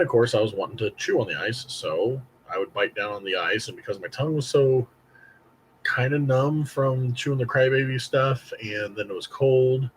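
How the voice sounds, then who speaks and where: A man in his late thirties tells a rambling story in a fairly low voice, casual and animated. He keeps jumping in with quick asides. A faint hiss sits under the recording. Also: poor audio. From Indiana, US. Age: late 30s. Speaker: host reviewing candy.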